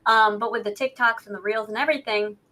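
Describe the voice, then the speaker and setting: Quick and sharp, with a higher-side voice and steady tone, this woman is a podcast co-host in loose conversation. She talks a lot, pokes fun at herself, and asks rhetorical questions.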